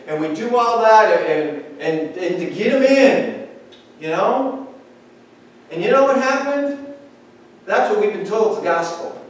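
A man preaching a sermon as pastor, talking in a conversational, animated way and acting out little dialogues. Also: sits high. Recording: echoey hall, speaker far from mic.

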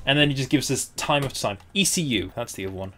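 Young man commentating gameplay, excitable and swears at the game, swings his pitch a lot. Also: quick pace. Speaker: gaming YouTuber. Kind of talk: let's play commentary.

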